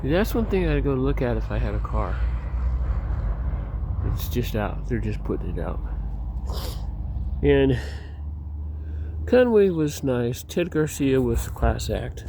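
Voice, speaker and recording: A man's voice: mid-range voice, big pitch swings, slow pace, long pauses, noisy background. A man outdoors telling rambling personal stories, often cutting himself off and laughing at his own tales. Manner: meandering, self-interrupting, laughs at own stories. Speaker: vlogger.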